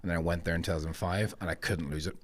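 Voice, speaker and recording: A man with a low, deep voice is a guest on a podcast. He talks in a casual, reflective way and tells stories from his life. He grew up moving around Germany and England. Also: steady tone, rapid-fire. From grew up moving between Germany and England. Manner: reflective, storytelling. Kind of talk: casual conversation.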